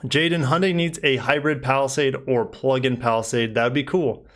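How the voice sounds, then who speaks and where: The host, a young car reviewer, speaks a little fast in a mid-range voice that's fairly even and a bit bright. On his casual live stream he drifts easily through viewer comments with many fillers.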